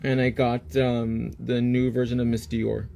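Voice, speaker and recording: A man hosting a live stream and chatting casually while he works on a client's nails, telling stories in an animated way. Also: mid-range voice, unhurried, gravelly, slight background noise. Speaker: nail artist and host.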